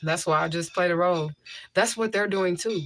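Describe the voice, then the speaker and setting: A woman's voice: fairly low pitch, normal speed, a bit bright. Blunt woman chatting on a livestream. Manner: blunt, repeats herself for emphasis; reads out and answers viewer comments. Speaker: livestream host. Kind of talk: casual livestream chat. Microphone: homemade tissue mic filter.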